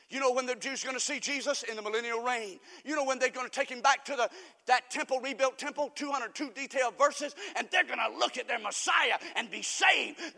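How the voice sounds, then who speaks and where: Fiery preacher, high and ringing. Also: male voice, creaky. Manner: preaching with shouts, then dropping to a low confiding tone. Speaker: pastor. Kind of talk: fiery sermon. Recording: long hall reverb.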